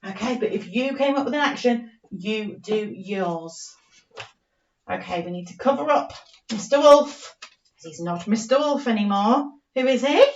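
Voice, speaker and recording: A woman's voice: fairly high pitch, expressive, reverberant, recorded from a distance, muffled recording, a little hiss or hum. A woman teacher reading a story to young children and sounding out letters in an online lesson. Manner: slow, sing-song story reading with phonics sounding out. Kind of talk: remote primary school story lesson.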